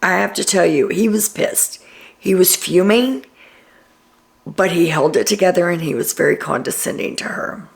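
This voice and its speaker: A woman's voice: fairly low pitch, normal speed, gravelly. A tired woman chattily recapping a reality show to her viewers, retelling scenes as she goes. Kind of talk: casual recap to camera.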